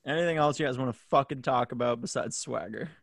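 A man in his twenties hosting a podcast from a home room, loud with mock outrage and swearing freely in casual banter. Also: mid-range voice, quick pace, vocal fry, no echo, studio quality. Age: 20s. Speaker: podcast host.

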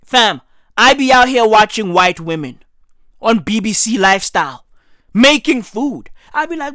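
A woman doing a profane comic rant to camera, emphatic and mocking. She keeps checking in with "right?" and bursts into high mock shouts. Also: animated, measured pace, no room sound, clean studio sound. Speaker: comedian.

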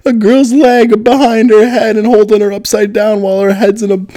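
A man's voice: flat delivery, moderate pace, warm tone, lightly acted. A man doing a squealing shocked little boy. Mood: indignant squealing. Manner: high-pitched, squealing through laughter. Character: young boy, shocked and whining to his mom.

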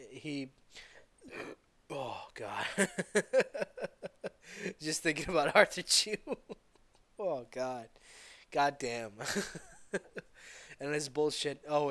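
Man, fairly high voice, angry rant, repetitive, profane, halting restarts. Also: a bit bright. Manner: heated, repetitive, stumbling restarts, bitter laughs. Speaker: vlogger.

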